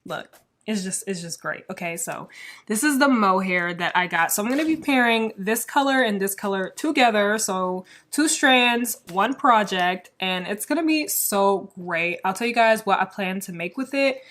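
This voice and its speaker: A woman talks straight to the camera as a crafting show host, rambling and chatty. Her pitch sits in the middle of the range for a woman. She gets excitable and keeps scattering fillers between her thoughts. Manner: excitable, quick to get worked up. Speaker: crochet podcast host. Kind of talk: casual chat showing yarn to camera.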